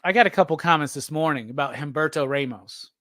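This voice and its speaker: A slightly high-voiced man hosting a loose chat, swearing freely and slipping into quick impressions of other people. His voice sits close and dry, with no room around it. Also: dry recording. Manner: animated, profane, slangy, acts out quotes. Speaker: host. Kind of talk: casual conversation about comics.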